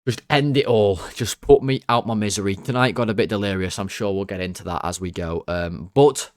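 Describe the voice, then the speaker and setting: A young man hosting a football fan channel, ranting casually and swearing, his voice leaping high when he gets worked up. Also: brisk, dry recording, studio quality. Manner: exasperated, swears, jumps to high excited pitch when worked up.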